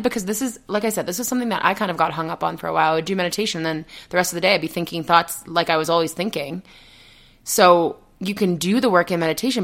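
Brief: young woman, slightly low voice, earnest rambling podcast host, checks in with "okay?", giggles nervously. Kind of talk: casual solo podcast monologue.

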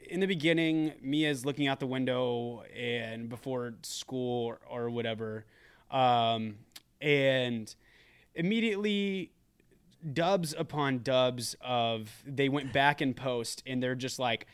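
A man's voice: mid-range voice, takes it slowly, clear, resonant tone. A man co-hosting a casual movie review podcast, joking and reading out reviews, with a lot of restarts. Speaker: podcast co-host.

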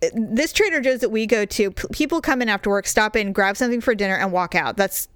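A woman's voice: medium pitch, fast, a bit bright, clean tone, no echo, clean studio sound. A woman in her thirties, a stay-at-home mom co-hosting a casual chat podcast, blunt and profane as she tells stories and acts out quotes. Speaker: podcast co-host.

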